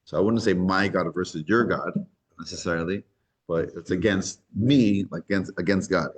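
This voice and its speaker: A man teaching a scripture class, retelling the story with lively animation and acting out the voices. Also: low-pitched, moderate pace, slightly rough.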